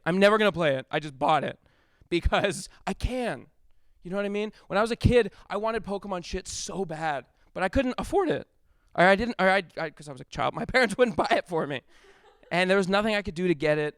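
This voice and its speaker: A man's voice: a little high, gravelly, fairly bright tone, smooth, no echo, studio quality. A young adult man telling a rambling stand-up story on a comedy club stage, breaking off mid-sentence and laughing at his own jokes.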